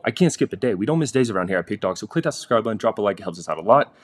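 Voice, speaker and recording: A young man hosting a casual sports betting picks vlog from a quiet room in a busy house, chatty and talking straight to viewers. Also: fairly low pitch, animated, very fast. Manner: chatty, restarts sentences, addresses viewers directly.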